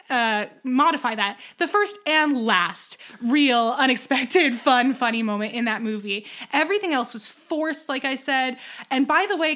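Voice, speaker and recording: Brief: young woman podcast co-host, high voice, animated ranting chat.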